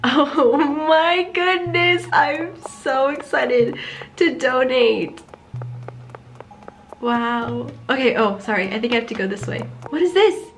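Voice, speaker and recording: High-voiced excitable woman gamer. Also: takes it slowly, faint music behind. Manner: excitable, gasping and giggling in delight. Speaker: game streamer. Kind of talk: casual gameplay commentary.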